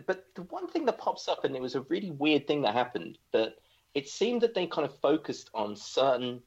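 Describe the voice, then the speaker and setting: A man's voice: a little high, big pitch swings, moderate pace, gravelly, breathy edge. A man co-hosting a casual movie podcast, rambling and joking with lots of restarts. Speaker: podcast co-host. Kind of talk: casual movie-review chat. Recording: dull lo-fi sound.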